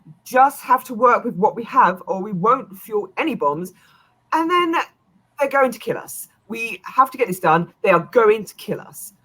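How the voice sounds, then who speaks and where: A woman's voice: on the high side, animated, normal speed, fairly bright tone, slightly rough, voice pushed up. A woman voicing a reptilian saurian henchman who pleads urgently. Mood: pleading.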